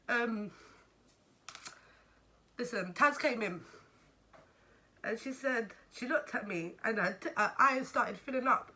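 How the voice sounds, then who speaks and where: A young woman with a London accent, telling a story to camera in a casual, animated way and swearing freely. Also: fairly high pitch, slow pace, long pauses. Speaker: vlogger.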